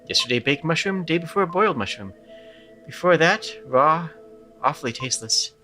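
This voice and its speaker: A man's voice: on the high side, expressive, normal speed, pushed and bright, faint music behind. A man voicing a young male hero, reading game dialogue in a plain, matter-of-fact way close to his own voice. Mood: resigned.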